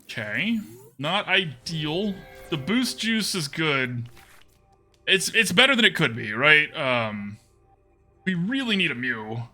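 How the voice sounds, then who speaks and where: A man commentates his own card game on a live stream, talking casually and reading out chat. His voice sits a little high and very bright, and it bounces around with a lot of pitch movement. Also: very animated, slow pace, faint music behind. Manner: chatty, answers chat, laughs often.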